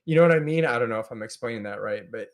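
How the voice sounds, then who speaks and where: Guy with a mid-pitched voice breaking down strategy, stops and restarts a lot, chill podcast talk. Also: racing. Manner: analytical, explaining strategy with restarts. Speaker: guest analyst. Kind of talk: casual podcast chat.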